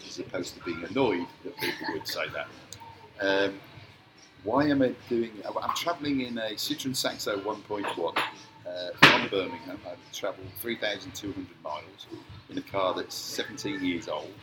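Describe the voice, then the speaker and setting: A man's voice: deep voice, moderate pace, background noise. A man from Scotland, a podcast guest talking casually and earnestly in a cafe, with many hesitant fillers. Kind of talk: casual interview.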